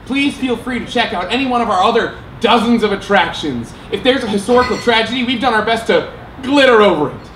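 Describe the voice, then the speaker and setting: A man voicing an over-eager male theme-park ad announcer with a cheesy, mock-cheerful sales pitch, live on a stage. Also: animated, a little fast, fairly bright tone, slight background noise. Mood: hyped. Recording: roomy live venue sound.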